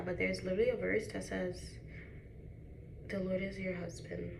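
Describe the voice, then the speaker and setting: A chatty, animated beauty vlogger in her 20s talks casually while doing her makeup, calling her viewers "y'all." Her medium-pitched voice is brisk with vocal fry, and the echoey room she records in has background noise.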